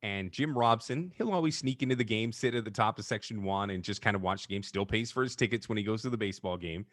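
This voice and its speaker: Enthusiastic interview host. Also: male voice, fairly low pitch, fast talker, dry recording, studio quality. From Canada. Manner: enthusiastic, animated storyteller. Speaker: podcast host.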